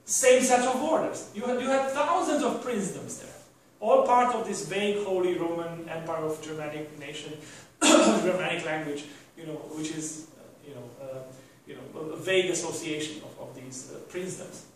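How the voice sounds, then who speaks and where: A man's voice: on the high side, normal speed, slight background noise. Male lecturer, rambling with rhetorical questions; very echoey hall recording, distant mic. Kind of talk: university lecture.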